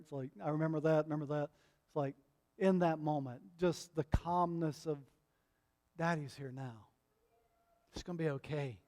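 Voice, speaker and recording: A middle-aged man preaching a sermon as pastor, impassioned and building to loud repeated refrains, often checking in with the congregation. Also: on the high side. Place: church sanctuary. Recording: long hall reverb.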